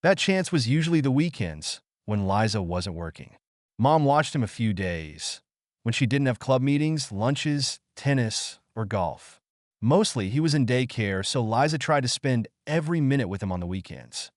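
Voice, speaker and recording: A man reading an audiobook with expressive storytelling narration. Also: medium pitch, normal speed, no echo, clean studio sound.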